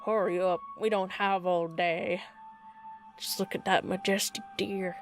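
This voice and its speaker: A woman voicing a friendly male hunting companion with a slow American Southern drawl. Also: medium pitch, steady tone, soft background music, lightly acted.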